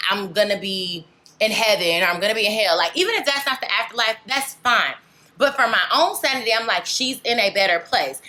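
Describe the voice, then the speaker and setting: A woman's voice: mid-range voice, pushed and bright. A young woman vlogger chatting candidly to camera, rambling and filling with "like" and "legit". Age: young adult. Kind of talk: casual chat to camera.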